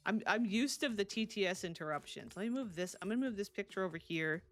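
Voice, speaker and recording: A woman's voice: medium pitch, animated, quick pace, soft background music. A woman streaming a life-sim game, chatting casually and laughing often as she answers her chat. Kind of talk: casual live-stream chat while playing.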